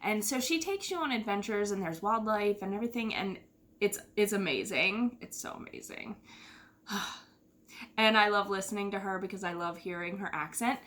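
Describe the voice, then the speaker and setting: A chatty, middle-aged American woman hosts a podcast, talking casually at a moderate pace in a bright, forward, medium-pitched voice. She rambles, dropping in fillers and little sighs.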